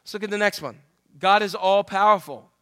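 A man's voice: high voice, a little fast, pushed and bright, smooth. A male preacher giving a conversational sermon that quotes scripture and asks the listeners direct questions.

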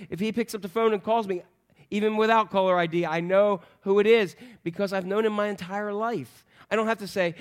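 Middle-aged pastor guy, high voice, chatty animated sermon. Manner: conversational, animated preaching with quoted voices.

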